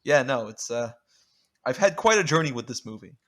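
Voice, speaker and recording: A man's voice: medium pitch, sing-song, normal speed. A man guest on a podcast, chatting casually, laughing and swearing as he tells stories. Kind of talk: casual chat.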